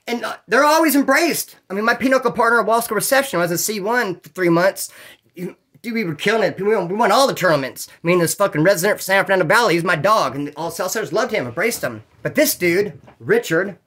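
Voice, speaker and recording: A man telling prison stories in a casual, animated way, swearing often and acting out other people's voices. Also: high-pitched, brisk. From California. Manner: animated, profane, acts out quoted voices. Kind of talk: casual storytelling.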